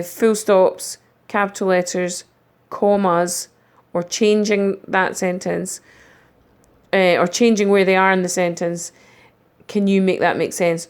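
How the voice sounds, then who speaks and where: Slow, deliberate woman teacher. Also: mid-range voice, smooth. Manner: slow and deliberate, reading example sentences aloud. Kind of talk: recorded remote lesson.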